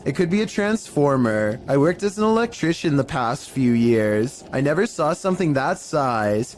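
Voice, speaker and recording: A man narrating a compilation of creepy camera clips in a measured, scripted storytelling manner. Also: on the high side, darkish tone, slight background noise. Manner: measured, mildly spooky storytelling. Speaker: narrator of a paranormal clip compilation.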